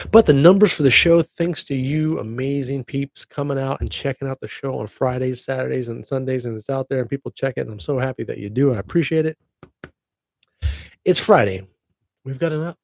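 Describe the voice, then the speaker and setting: A middle-aged man hosts a solo podcast, chatting in an upbeat, casual way and dropping in jokey asides. His middle-pitched voice is gravelly and darkish, and the recording is dry and close with no room echo.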